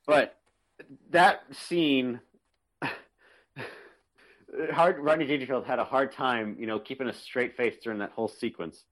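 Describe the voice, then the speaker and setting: Man, podcast co-host, laughs a lot, swears casually, middle pitch, remote call. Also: a little slow, pauses often. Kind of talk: casual movie chat.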